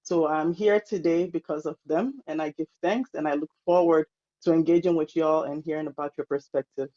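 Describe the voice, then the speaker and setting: A woman's voice: deep voice, fairly quick. Enthusiastic woman, lo-fi webinar sound. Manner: warm, enthusiastic. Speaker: co-moderator and doctoral student. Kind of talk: webinar introduction.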